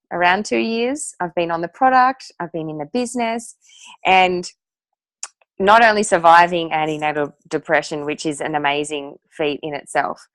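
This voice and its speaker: Speaking as a guest speaker, a woman recounts her personal story to an audience, chatty and emphatic. Her voice sits on the lower side, and there's no echo.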